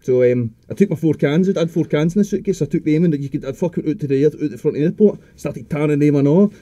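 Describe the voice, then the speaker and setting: A young man in his twenties rattles through a wild anecdote at breakneck speed. His voice sits a touch high but sounds dark and mellow in tone. He rambles, swears freely and keeps throwing in "mate". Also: fast talker, no room sound. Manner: rambling and sweary, often tags lines with "mate". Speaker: guest. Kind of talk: casual storytelling chat.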